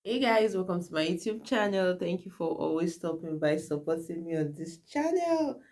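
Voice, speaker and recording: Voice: medium pitch, animated, moderate pace, darkish tone. A YouTube host talking earnestly to viewers in casual commentary, often checking in with "right?" and "guys".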